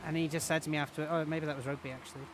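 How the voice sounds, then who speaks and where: A man's voice: on the high side, level tone, racing, background noise. A man chatting in a rambling, self-mocking way while commentating his own gameplay on a stream. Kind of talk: casual game-stream commentary.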